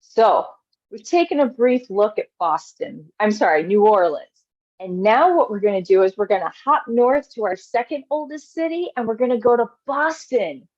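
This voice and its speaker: Woman, Southern American accent, friendly explanatory presenter, fairly high voice, dry dull lo-fi sound. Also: big pitch swings, normal speed, a little mellow, no room sound. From United States. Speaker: volunteer presenter. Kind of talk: slide presentation on architecture.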